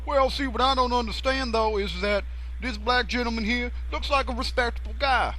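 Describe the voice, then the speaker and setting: A man's voice: extremely high pitch, moderate pace, crowd noise, rough recording. A man voicing a mock-serious male talk show psychologist who asks crude questions with fake earnestness in an improvised comedy spoof.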